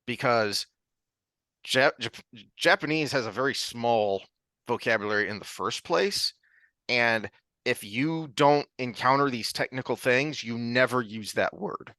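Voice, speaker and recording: Bright-voiced rambling man. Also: mid-range voice, unhurried, dry recording. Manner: rambling, restarts often, laughs easily. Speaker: podcast co-host. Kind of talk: casual book discussion.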